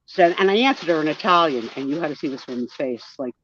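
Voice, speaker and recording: A woman's voice: deep voice, expressive, fast talker, a little hiss or hum. A woman in her sixties with a New Jersey accent, chatting casually and telling family stories while mimicking other people's voices. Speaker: guest storyteller. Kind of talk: casual chat. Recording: muffled lo-fi audio.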